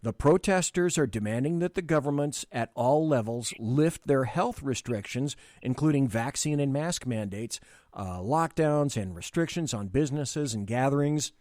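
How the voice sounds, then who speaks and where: A man's voice: medium pitch, animated, moderate pace, a little mellow, no echo, studio quality. A man hosting a live political talk show, blunt and rambling, with frequent restarts.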